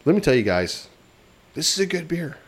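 A man's voice: on the high side, sing-song, moderate pace, husky. A man co-hosting a casual beer-review chat, telling stories and laughing often. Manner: chatty, storytelling, laughs often. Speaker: podcast co-host.

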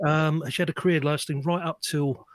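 A man's voice: a little high, fairly even intonation, fairly quick. A man co-hosting a casual film podcast, sharing trivia in an informative, anecdotal way. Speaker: podcast co-host.

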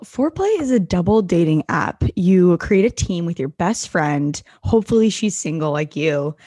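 A young woman co-hosts a podcast in a mellow, dark-toned voice. She still has a croaky morning rasp, and she is playful and quick to poke fun at herself. The sound is close and dry. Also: lowish voice, no room sound. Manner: self-deprecating, playful. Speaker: podcast co-host, teacher. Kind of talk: casual chat.

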